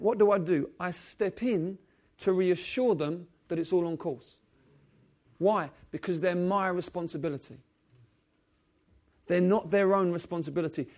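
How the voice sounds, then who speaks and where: A man preaching a sermon, swinging from loud exclaiming passages to soft, low, intimate ones and asking the congregation questions. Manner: asks the congregation direct questions.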